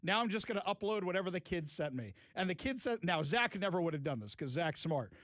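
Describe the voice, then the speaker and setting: A man's voice: sits high, no room sound. A man hosting a talk radio show, mocking and emphatic as he gives his opinions.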